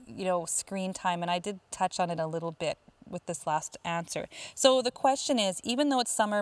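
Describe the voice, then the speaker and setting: A woman coaching parents in a casual talk, answering listener questions and often pausing with fillers and restarts. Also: mid-range voice, clean tone, dry recording. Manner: chatty, lots of fillers and restarts.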